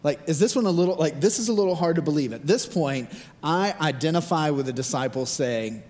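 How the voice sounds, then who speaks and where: A man's voice: on the high side, quick pace, big-room sound. A man giving a sermon as pastor in a church, talking casually and animatedly with many fillers. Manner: informal, animated, lots of "like".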